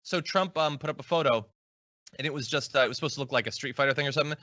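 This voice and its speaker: Bright-voiced male host, dry lo-fi. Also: medium pitch, very fast, no room sound. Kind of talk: political commentary chat. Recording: dry, dull lo-fi sound.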